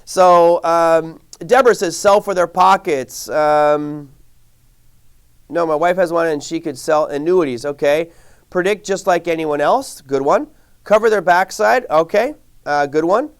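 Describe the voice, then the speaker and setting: A man's voice: a little high, a little slow, smooth. A man teaching a live online trading class, talking casually and answering viewers' chat questions. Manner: conversational, reads viewer chat aloud; animated, rhetorical questions. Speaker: trading instructor.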